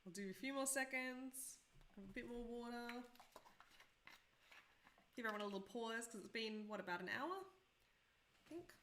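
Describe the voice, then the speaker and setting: A woman's voice: fairly high pitch, normal speed, long pauses, a bit bright, a little hiss or hum. A woman in her thirties teaching a live-streamed coding tutorial, chatty and self-deprecating, often asking viewers questions.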